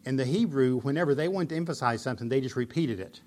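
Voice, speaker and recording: A man's voice: mid-range voice, quick pace, darkish tone. A man preaching a sermon, explaining scripture earnestly and pressing points with emphatic repetition. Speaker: pastor.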